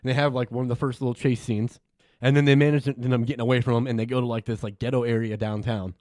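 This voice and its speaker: A man's voice: mid-range voice, level tone, fast talker, darkish tone, dry recording, studio quality. A man co-hosting a podcast, casually retelling a film's plot in a rambling way and laughing often. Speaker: podcast co-host. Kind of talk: casual film review chat.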